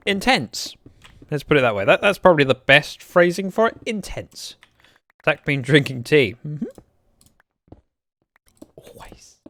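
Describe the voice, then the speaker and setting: A young man streams a block-building game, chatting and joking with viewers and reading out their chat messages while he plays. His voice is on the high side with a fairly bright tone, recorded dry.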